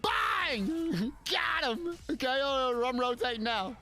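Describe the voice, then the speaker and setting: High, bright-voiced hyped male streamer. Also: animated, slow pace, faint music behind. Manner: hyped, shouts and laughs during fights. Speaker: game streamer. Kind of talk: live gameplay commentary.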